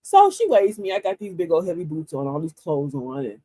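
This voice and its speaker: An older woman hosting a casual motivational livestream, telling stories with lots of laughter and reading affirmations slowly and with emphasis. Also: deep voice, dry recording. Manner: animated storyteller, laughs often. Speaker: livestream host.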